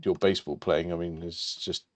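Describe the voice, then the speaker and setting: Male podcast co-host, deeper than average, dry and halting. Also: fairly even intonation. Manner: dry, hesitant with frequent ums. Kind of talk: casual chat, quiz host.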